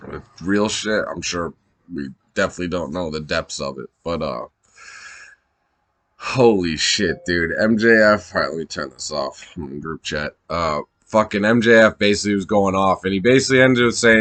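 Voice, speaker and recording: A man with a fairly low voice rambles through excited commentary, swearing freely and laughing as he goes. He sounds a little high, restarting his thoughts often. The sound is dry and close. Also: no echo. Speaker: wrestling fan vlogger.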